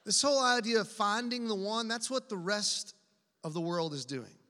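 A man preaching a sermon to his congregation, animated and drawing the crowd into call and response. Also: sits high, moderate pace, in a large hall. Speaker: pastor. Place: church hall.

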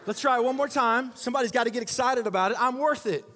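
A male pastor preaching an energetic sermon, often asking the congregation to repeat phrases after him. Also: extremely high pitch, rapid-fire, in a large hall. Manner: energetic, calls for audience responses. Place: church hall.

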